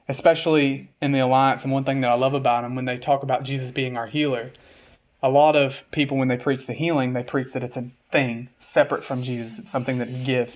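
A man preaching a sermon as pastor, reading scripture aloud and slowing down to stress key words, then building up with repeated phrases. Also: medium pitch.

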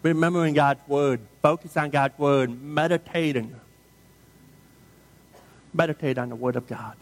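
A man's voice: a little high, steady tone, unhurried. A middle-aged man preaching a sermon, shifting into conversational, humorous storytelling and asking the congregation questions. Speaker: pastor.

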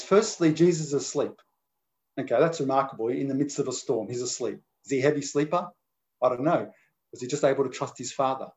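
A man's voice: fairly high pitch, darkish tone. A man preaching a sermon in an earnest, conversational way, often restarting his phrases.

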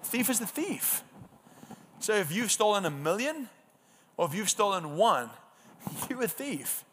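A man's voice: high voice, sing-song, measured pace, a bit bright, slight background noise. A man preaching a sermon, earnest and emphatic, asking the congregation rhetorical questions and often restarting his words.

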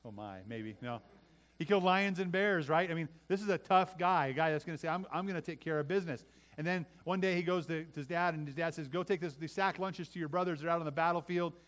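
A middle-aged man, a pastor, preaching a sermon to his congregation, often repeating words and swinging between loud and soft for emphasis. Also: fairly high pitch, quick pace.

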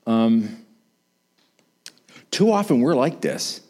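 Animated male preacher telling a story. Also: slow pace. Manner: animated, acts out quoted voices with big pitch swings. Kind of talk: sermon storytelling.

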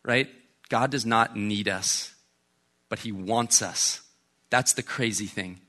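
A man's voice: fairly low pitch, takes it slowly, bright, forceful tone. A man, a pastor, preaching a sermon in a conversational way and often checking in with "right?". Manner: conversational, keeps asking "right?".

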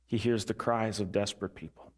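A male pastor preaching a sermon earnestly, repeating key lines and dropping his voice soft and low for emphasis. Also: steady tone, a little fast.

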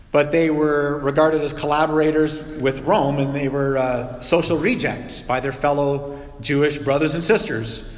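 Male pastor, sermon delivery, animated and conversational, slightly higher voice, echoey hall with a long tail. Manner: animated, conversational preaching with acted outbursts.

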